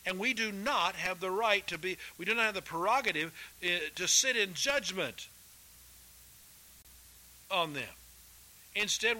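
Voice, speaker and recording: Emphatic preacher, bright ringing voice. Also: male voice, poor audio. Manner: emphatic preaching, rising loud for quotes and dropping low and quiet for asides; folksy, addresses listeners as folks. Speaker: pastor. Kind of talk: sermon.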